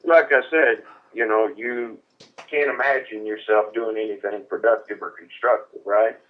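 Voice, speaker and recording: A man's voice: on the low side, steady tone, normal speed. A man on a phone call, berating and insulting the caller in a lecturing tone. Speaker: prank call target. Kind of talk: phone argument. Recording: dull lo-fi phone audio.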